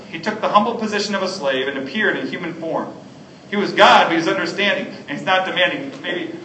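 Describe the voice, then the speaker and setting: Bright-voiced male pastor preaching in an echoey hall. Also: on the high side, a little hiss or hum. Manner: earnest, repetitive restarts and fillers. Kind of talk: sermon. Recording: echoey hall, distant mic, faint ambience.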